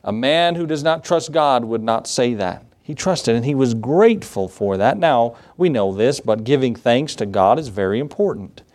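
A man's voice: mid-range voice, animated, normal speed, hardly any pauses, darkish tone. A middle-aged male pastor preaching a sermon in a conversational, storytelling way, with fillers and asides.

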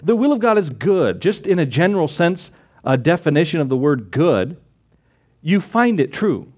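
Man, pastor, sermon, fairly high voice, emphatic, rhetorical questions, conversational asides. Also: sing-song, moderate pace, slightly rough. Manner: emphatic, swings between loud exclamations and low asides.

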